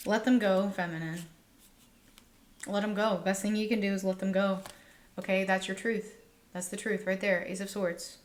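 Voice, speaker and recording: A woman's voice: medium pitch, flat delivery, normal speed, long pauses. A woman giving a tarot reading to her viewers, talking in an earnest, emotional way and repeating herself often. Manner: earnest, repetitive, emotional, addresses viewers directly. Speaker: tarot reader. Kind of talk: spiritual tarot reading monologue.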